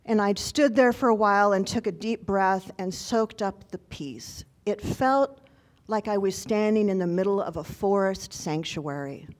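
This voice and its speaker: A woman's voice: medium pitch, a little slow. A woman telling a personal story to an audience in an earnest, reflective, conversational way.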